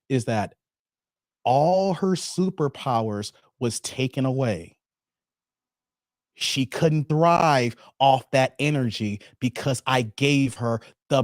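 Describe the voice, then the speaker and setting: Slow, confiding male dating commentator. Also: medium pitch, no echo, clean studio sound. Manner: frank, confiding, addresses viewers directly. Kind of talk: casual monologue storytelling.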